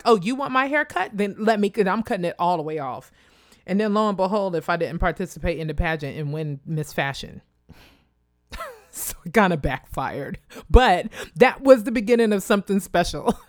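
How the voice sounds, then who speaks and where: A woman from Kansas telling a personal story in a casual, animated way, acting out other people's voices. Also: no echo, clean studio sound. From Wichita, Kansas, USA. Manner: animated, acts out quoted voices in a high pitch; addresses listeners directly and casually.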